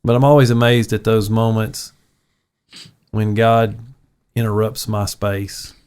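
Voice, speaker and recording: A pastor talks through his faith in a sincere, reflective way. His voice sits a little low for a man, and his tone is easygoing and conversational. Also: flat delivery, unhurried, a little mellow, smooth. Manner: earnest, reflective storytelling. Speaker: pastor and podcast host. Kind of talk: casual faith chat.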